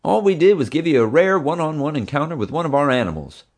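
A man's voice: fairly high pitch, big pitch swings, fast talker, breathy edge, pitched above the performer's own voice, heavily acted. A man voicing a grinning billionaire who teases and mocks a frightened man. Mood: smug. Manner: smug, mocking.

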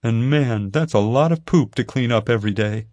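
A man's voice: medium pitch, normal speed, a little mellow, no room sound, pitched above the performer's own voice, close to an everyday voice. A male audiobook reader voicing a chatty, lonely young female panda keeper who eagerly rattles off facts. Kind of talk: audiobook character voice. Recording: dry close studio sound.

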